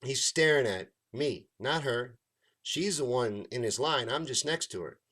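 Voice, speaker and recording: A stand-up comedian and show host tells a long story as a casual rant, swearing freely and animatedly acting out other people's lines. His voice is medium-pitched and a little slow.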